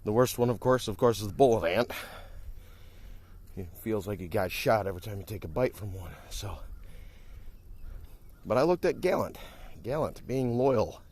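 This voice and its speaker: Guy from wisconsin kinda low voice, out of breath, rambling on a walk by the cornfields, phone in hand. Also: expressive, moderate pace, pauses often, darkish tone. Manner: rambling, chatty, talks while walking. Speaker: streamer. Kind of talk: casual walking vlog. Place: outdoors by cornfields on a country lane. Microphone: handheld phone while walking.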